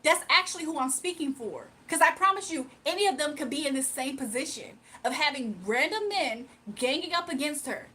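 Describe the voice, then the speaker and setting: A woman's voice: high voice, expressive, brisk, hardly any pauses, bright, forceful tone. A young woman hosting a livestream, making emphatic, repetitive points and talking straight to her chat. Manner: emphatic, repeats points, addresses chat directly. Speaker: livestream host. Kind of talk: heated livestream rant.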